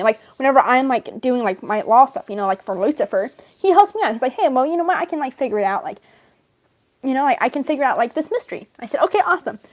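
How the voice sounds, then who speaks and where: A woman's voice: high voice, darkish tone. A woman rambling through an in-character story, filling her talk with "like" and laughing often. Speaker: fan role-player in character.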